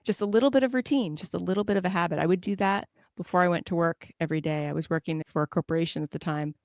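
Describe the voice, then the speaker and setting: A woman from Southern California, a guest on a podcast, telling lively self-deprecating stories and laughing often. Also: on the low side, racing, dry recording, studio quality. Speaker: guest author. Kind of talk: casual conversational storytelling.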